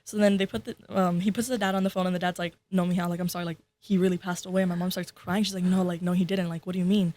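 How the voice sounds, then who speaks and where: A woman's voice: lowish voice, racing, hardly any pauses. A teenage girl, a student co-host, telling a family story in casual chat and acting out the people in it. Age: teens. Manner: animated, acts out quoted relatives.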